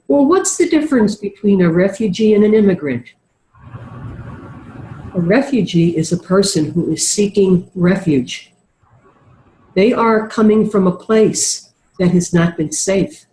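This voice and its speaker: A woman speaking over a video call from an office, earnest and sincere, her voice nasal from a sinus infection, with frequent ums and restarts. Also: mid-range voice. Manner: earnest, warm-hearted, with many ums and restarts. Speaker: guest speaker, refugee services worker. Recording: echoey video call audio.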